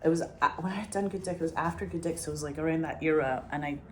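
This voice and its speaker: A woman's voice: low voice, very fast, a little hiss or hum. A Scottish woman telling stories in a casual, rambling way, swearing freely and saying "like" constantly. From Scotland. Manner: rambling, profane, heavy use of "like". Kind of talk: casual storytelling.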